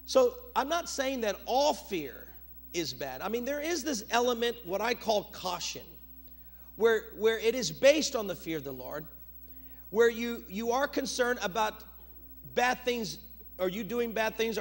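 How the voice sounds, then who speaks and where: Male pastor, high voice, middle-aged, sermon, loud bursts and quiet asides.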